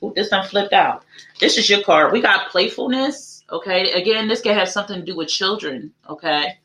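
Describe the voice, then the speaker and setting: A woman's voice: mid-range voice, normal speed, sharp tone, rough recording. A woman giving a casual live tarot reading, chatty and repetitive, thinking aloud as she draws each card. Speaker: tarot reader.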